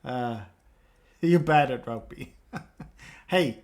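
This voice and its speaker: A man's voice: mid-range voice, takes it slowly, a little mellow. A man, chatting casually with live chat viewers while he works, joking around and laughing often. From England. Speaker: live streamer.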